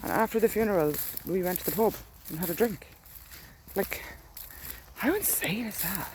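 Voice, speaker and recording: A woman's voice: medium pitch, animated, moderate pace, darkish tone, slight background noise. An Irish woman rambling candidly in a casual diary vlog while walking outdoors, recorded on a phone. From Ireland. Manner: chatty, candid, walks while talking. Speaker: dog walker vlogging. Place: outdoors in a rural field.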